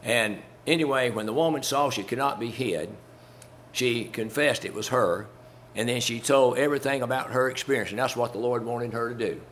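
A man's voice: medium pitch, normal speed, fairly bright tone. A man preaching a sermon in a folksy, conversational way, chuckling as he talks through a Bible story to his congregation.

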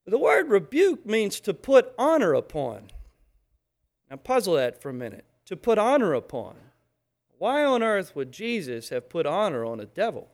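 A man preaching a sermon, emphatic and animated, acting out little scenes as he teaches. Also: high-pitched, normal speed.

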